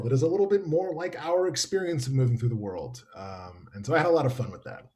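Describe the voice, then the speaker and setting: A man's voice: mid-range voice, animated, fast, few pauses, a little mellow. A man author speaking conversationally over a video call, thoughtful and expansive with wry asides.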